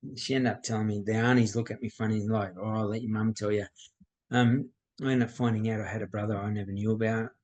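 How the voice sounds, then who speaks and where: Husky middle-aged man. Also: fairly low pitch, level tone, quick pace, darkish tone, poor audio. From Australia. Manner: reflective, plain-spoken, acts out quoted dialogue. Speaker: podcast guest, mindset coach. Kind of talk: candid personal storytelling.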